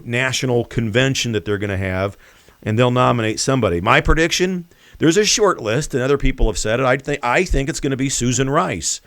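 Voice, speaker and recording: A man hosting a political commentary show, speaking in an emphatic, deliberate and mocking way. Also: medium pitch, clean tone, no echo. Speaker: host.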